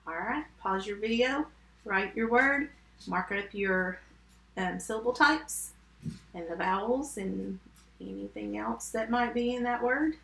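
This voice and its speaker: A woman teaching a first grade phonics lesson remotely, sounding out words slowly and giving patient step-by-step instructions. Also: medium pitch, creaky, fairly bright tone, echoey room.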